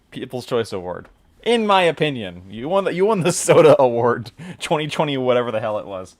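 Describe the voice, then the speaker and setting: A man's voice: mid-range voice, sing-song, normal speed, long pauses. A man hosting a hobby stream, chatting casually and rambling with jokes while he paints miniatures. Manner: jokey, rambling, laughs at own jokes.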